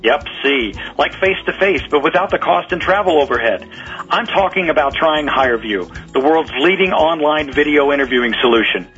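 Higher-voiced man pitching in a radio ad. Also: animated, moderate pace, a bit bright. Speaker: company director in a radio ad. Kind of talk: scripted ad dialogue. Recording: dull radio audio with faint music.

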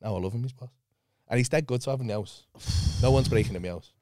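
A young man, a comedian telling animated, sweary stories in casual podcast chat. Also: mid-range voice, fast, crowd noise.

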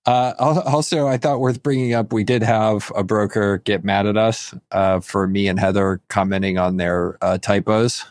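A man's voice: on the low side, level tone, moderate pace, few pauses, dry recording, studio quality. A man co-hosting a podcast, chatting casually and joking, with many fillers. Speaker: podcast co-host. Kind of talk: casual chat.

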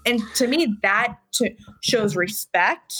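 A woman who is a guest on a talk podcast, speaking thoughtfully and at a measured pace. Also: fairly high pitch, lively intonation, fairly bright tone, husky, soft background music, poor audio. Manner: thoughtful, measured, with frequent affirmations. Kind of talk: casual conversation.

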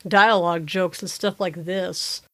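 A woman co-hosting a casual chat, relaxed and easygoing, often trailing off softly. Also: on the low side, measured pace. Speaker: podcast co-host.

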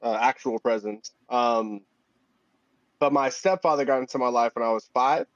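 A man's voice: mid-range voice, moderate pace, no room sound. A man, a podcast guest, talking candidly and reflectively in casual conversation. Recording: dull, dry lo-fi sound.

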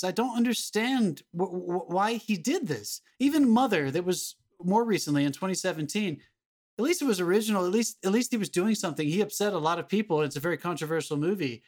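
Brief: male podcast co-host, raised pitch, emphatic and exasperated, frequent cursing. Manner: emphatic, exasperated, swears often. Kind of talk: casual film-review chat.

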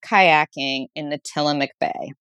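A woman's voice: deep voice, unhurried, fairly bright tone, clear, resonant tone, no echo. A woman guest author on a casual interview show, talking enthusiastically with playful asides and frequent laughter. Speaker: guest author recommending date spots.

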